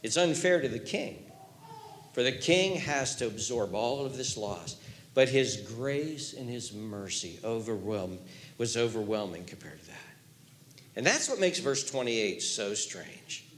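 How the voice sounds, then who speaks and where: Animated male preacher in an echoey room. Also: mid-range voice, measured pace. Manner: animated storytelling, swings from hushed to loud. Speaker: pastor. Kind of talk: sermon.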